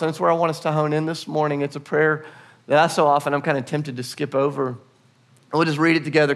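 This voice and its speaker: A middle-aged man preaching a sermon to his church, earnest and conversational, laughing now and then. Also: on the high side. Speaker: pastor.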